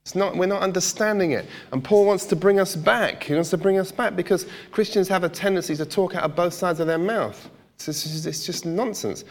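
A man's voice: high-pitched, a little fast. Chatty preacher man in a reverberant hall. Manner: conversational, questioning the congregation, joking asides. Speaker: pastor. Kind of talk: sermon.

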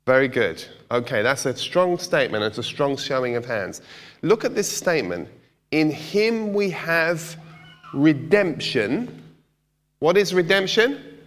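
A man preaching a sermon in a conversational way, putting questions to the congregation and making joking asides. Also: a little high. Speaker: pastor. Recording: long hall reverb.

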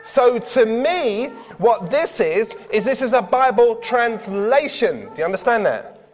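A man preaches in a high, lively voice that swoops up and down. He talks casually and keeps asking his listeners questions. The long reverb of a big hall trails behind him. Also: moderate pace. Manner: conversational, asks the crowd questions. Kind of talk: sermon.

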